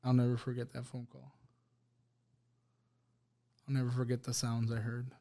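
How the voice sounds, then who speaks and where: Man with a flat, halting voice. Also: mid-range voice, vocal fry. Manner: halting, repeats words, quotes others in plain voice. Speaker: guest sharing a personal testimony. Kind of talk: emotional personal storytelling. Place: podcast studio.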